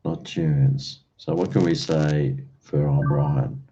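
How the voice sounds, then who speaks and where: Australian male streamer, low mellow voice, chatty rambler, muffled home recording. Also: steady tone, slow, a little hiss or hum. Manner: rambling, chatty, uses slang and mate. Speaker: livestream host. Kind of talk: casual chat with live viewers. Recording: dull lo-fi stream audio.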